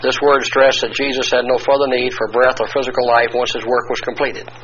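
A male preacher giving an expository Bible teaching sermon, talking deliberately and spelling out Greek words letter by letter. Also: medium pitch, little pitch movement, a crowd in the background. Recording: dull lo-fi recording with faint hiss.

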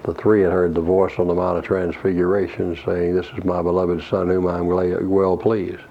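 A man preaching an expository Bible lesson, reading verses slowly and explaining Greek words in a measured way. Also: sits low, monotone. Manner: slow, measured reading of scripture with Greek word study. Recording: dull lo-fi recording with faint hiss.

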